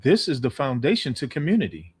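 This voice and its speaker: A man in casual scripture discussion, talking in an easygoing, halting way. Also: mid-range voice, wildly swooping pitch, a little mellow. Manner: easygoing, halting, with fillers and laughs. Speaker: co-host.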